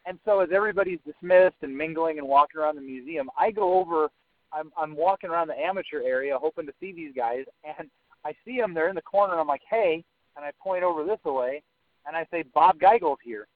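A man's voice: a little high, quick pace, no room sound. Man telling a story on a thin line. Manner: swears freely, lots of "like". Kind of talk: casual storytelling chat. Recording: dry, narrow phone-like sound.

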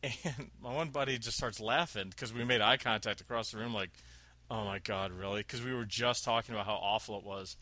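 Bright-voiced man telling a rambling story. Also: on the low side, steady tone, a little fast, no echo. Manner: rambling, laughing, acts out quotes. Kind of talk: casual chat, storytelling.

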